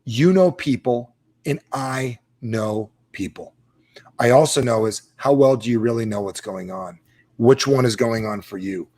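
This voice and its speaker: A man's voice: medium pitch, measured pace, a little mellow. Man, motivational speaker, live stream, urgent, direct, keeps asking viewers questions, mid-range voice.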